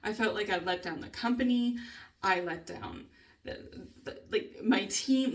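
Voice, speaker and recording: A woman's voice: mid-range voice, takes it slowly, long pauses, distant mic. A woman vlogger venting in a rambling, casual way, swearing heavily and laughing often between thoughts. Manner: rambling, heavy swearing, frequent nervous laughter.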